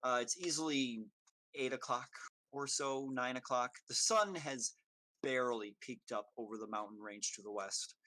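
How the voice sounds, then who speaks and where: A man running a tabletop game as game master, narrating in a halting way full of ums and uhs. The recording is dry and close, with little room sound. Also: mid-range voice, bright, forceful tone, no room sound.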